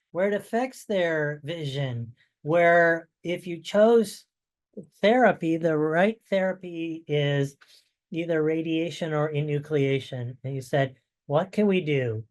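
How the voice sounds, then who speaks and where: Oncologist presenting, voice going hoarse. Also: male voice, fairly high pitch. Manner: conversational, rhetorical "guess what" asides. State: losing his voice. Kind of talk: webinar presentation.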